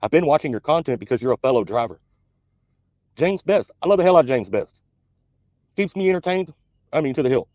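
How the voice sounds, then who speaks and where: Fast-talking, blunt trucker ranting. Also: male voice, mid-range voice, very animated, darkish tone, no room sound. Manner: blunt, confrontational. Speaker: truck driver YouTuber. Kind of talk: recorded video rant.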